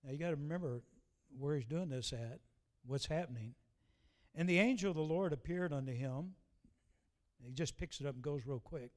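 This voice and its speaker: A man preaching a folksy sermon, slowing down to read scripture aloud. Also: fairly high pitch, a little mellow.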